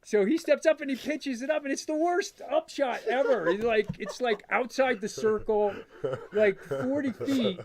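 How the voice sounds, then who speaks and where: A middle-aged man, a father, telling a story as a guest in a casual interview, animated and full of "like" fillers, acting out what he said. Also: very high-pitched. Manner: animated, quick storyteller, full of "like" fillers, acts out his own past lines. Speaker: guest, father of a disc golf player.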